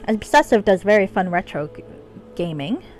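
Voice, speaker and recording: Woman, game streamer, casual chat, lively pitch, laughs a lot, reads dialogue aloud. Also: normal speed, faint music behind. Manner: chatty and giggly, reads game dialogue in her own voice. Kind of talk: casual live-stream commentary.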